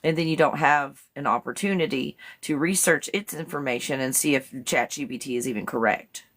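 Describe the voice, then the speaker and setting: A woman's voice: low-pitched, a little fast, fairly bright tone. A woman hosting a live morning stream, chatty and rambling, often breaking into laughter. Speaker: live show host. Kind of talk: casual live-stream talk.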